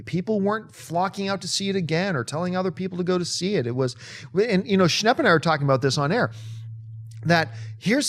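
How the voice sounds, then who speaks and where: A man co-hosting a movie talk show, chatting casually and emphatically, with sudden bursts of enthusiasm. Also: high-pitched. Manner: animated, emphatic, breaks into sung bits.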